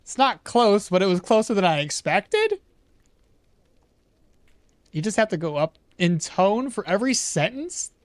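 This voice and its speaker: Chatty high-voiced male game streamer. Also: sing-song, unhurried, pauses often, no echo. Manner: rambling, self-correcting, chatting with viewers. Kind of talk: casual gameplay commentary.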